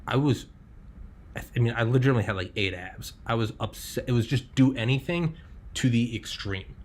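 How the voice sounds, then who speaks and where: A man's voice: medium pitch, fairly quick, darkish tone. A man hosting a podcast in casual chat, rambling and leaning on fillers and swearing. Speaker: podcast host.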